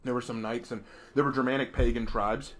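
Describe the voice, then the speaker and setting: A man's voice: mid-range voice, brisk. A young man hosting a game stream, chatting casually and playfully while he plays. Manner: animated, playful banter while gaming. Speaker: streamer and host. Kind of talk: casual gaming chat.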